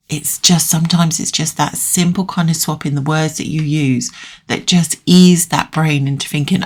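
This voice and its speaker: A woman's voice: sits low, steady tone, normal speed. A woman, a life coach hosting her own podcast, talking in a frank, chatty way with fillers and self-corrections. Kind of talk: solo podcast talk.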